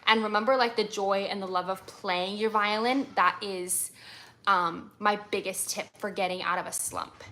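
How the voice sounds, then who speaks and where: A woman's voice: medium pitch, fairly even intonation, moderate pace, sharp tone. A woman from America, a violinist, answering viewer questions in a casual livestream chat, full of ums and likes.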